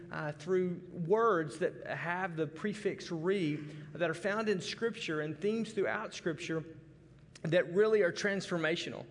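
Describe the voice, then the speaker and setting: A man from Arkansas preaching a folksy, conversational sermon with many restarts. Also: high-pitched. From Arkansas, USA. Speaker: pastor. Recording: long hall reverb.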